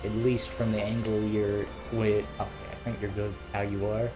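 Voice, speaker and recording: A man's voice: fairly low pitch, flat delivery, normal speed, dark tone, soft background music. A man watching a friend play a video game, giving tips and teasing him in casual chat. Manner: coaching, teasing, chatty. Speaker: co-host giving gameplay advice. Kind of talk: casual let's play banter.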